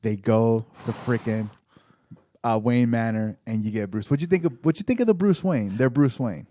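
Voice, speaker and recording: An easygoing man co-hosting a podcast, his voice at an ordinary middle pitch for a man. He stumbles and restarts his phrases as he talks. The sound is close and dry. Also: moderate pace, warm tone, no room sound. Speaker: podcast co-host. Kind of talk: casual chat.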